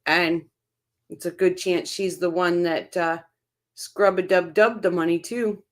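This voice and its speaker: A woman hosts a casual true-crime livestream and chats her way through viewer comments. Her voice sits a little low for a woman, and she reads the comments aloud and reacts to them as she goes. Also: steady tone, measured pace. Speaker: livestream host reading chat.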